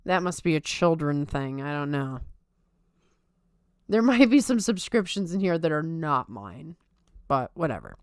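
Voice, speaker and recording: A woman's voice: sits low, big pitch swings, a little slow, long pauses, darkish tone, dry recording, studio quality. A young adult woman hosting a podcast in casual, rambling chat, joking at herself with a playful Valley Girl lilt. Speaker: podcast host.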